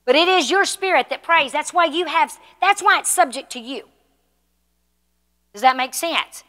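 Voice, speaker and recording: A woman's voice: sits high, animated, moderate pace, bright, forceful tone, big-room sound. A woman pastor teaching a church class in a conversational way, often asking the room questions. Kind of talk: sermon teaching. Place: church hall.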